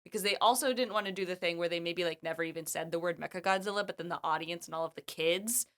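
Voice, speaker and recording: A woman co-hosting a podcast, talking in an animated, chatty way and explaining at length. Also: on the low side, fast talker. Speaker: podcast co-host. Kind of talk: casual chat.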